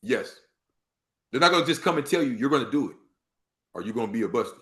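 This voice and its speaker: A man from Los Angeles with a Los Angeles accent, a podcast guest talking in an animated way, acting out quoted street talk with heavy slang. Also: mid-range voice, fast. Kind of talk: casual storytelling interview.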